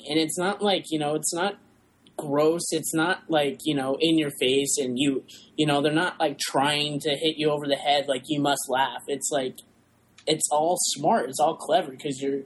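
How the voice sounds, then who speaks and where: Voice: mid-range voice, steady tone, measured pace, breathy edge, rough recording. A co-host in casual movie chat, talking enthusiastically with many repeats and restarts.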